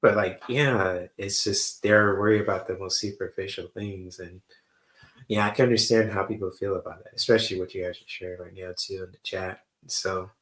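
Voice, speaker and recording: A man hosting a casual stream from his room, reacting to clips and chatting while he eats. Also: low voice. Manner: relaxed, talks while eating. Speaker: livestream host reacting to a dating show. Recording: roomy echo.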